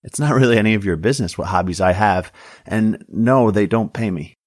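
A man's voice: on the low side, fairly quick, dry recording, studio quality, natural voice. A man doing a grumpy, sardonic old-school sheriff. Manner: gruff, sardonic, clipped. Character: grumpy weary middle-aged male sheriff.

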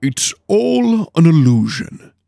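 A slow, posh storybook lord who lectures with lofty airs, his voice pitched up and pushed well above the narrator's own, with a gravelly grain under it, as a man puts him on. He sounds like a worldly noble teacher holding forth. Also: sing-song, dark tone, no room sound, studio quality, heavily acted.

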